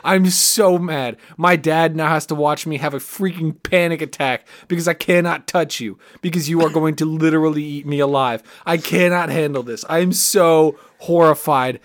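A man's voice: fairly high pitch, steady tone, moderate pace, few pauses, no echo, studio quality. A young man co-hosting a casual chat, joking and launching into goofy, dramatic rants.

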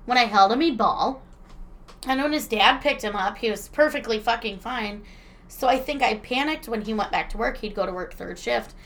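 A woman in her thirties co-hosts a podcast, chatting casually and reading listener letters in a slightly high voice at normal speed. She tells stories with real animation, laughing often and swearing freely.

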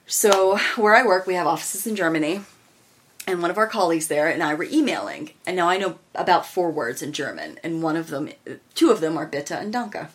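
A woman's voice: fairly low pitch, brisk. A woman from the United States co-hosting a casual podcast, chatty and laughing as she tells stories. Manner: chatty, laughing, animated storytelling. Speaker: podcast co-host. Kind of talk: casual chat.

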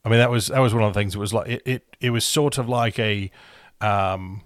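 A man's voice: fairly low pitch, steady tone, a little fast, no echo, clean studio sound. Man with a put-on British accent. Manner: playful, rambling, prone to restarts. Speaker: podcast co-host. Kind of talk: comedic podcast banter in character.

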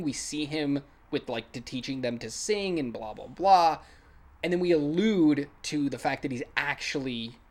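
An excitable podcast co-host talks about a film in a loose, rambling way and breaks into laughter often. The voice sits at an ordinary middle pitch. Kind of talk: casual film-review chat.

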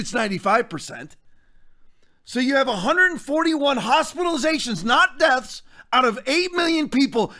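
A man with a notably high voice hosts a podcast with heated commentary. He rants in a fired-up, preacher-like style, pressing his points hard. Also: pushed and bright. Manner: fired-up, ranting, preacher-like delivery. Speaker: podcast host and pastor.

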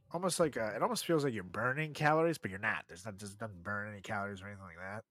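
A young man co-hosting a podcast, chatting casually and crudely, laughing often and swearing as his voice swings from loud to soft. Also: lowish voice, lively intonation, fast talker, hardly any pauses, no room sound. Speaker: podcast co-host.

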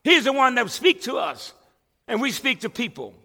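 A man's voice: extremely high pitch, sing-song, moderate pace, vocal fry, pushed and bright, big-room sound. A male pastor preaching a sermon to his church, emphatic and conversational, often stumbling and restarting words. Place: church sanctuary with a congregation.

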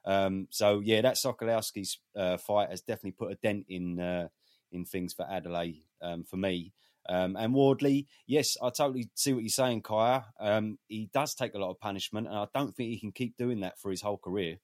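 A man giving boxing opinions in a casual, animated chat, swearing freely. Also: fairly low pitch, a little fast, no room sound, clean studio sound. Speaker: boxing pundit.

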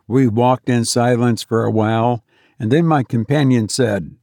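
Male narrator, first-person story reading. Measured, gravelly, dry close sound. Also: medium pitch, a little mellow, no room sound.

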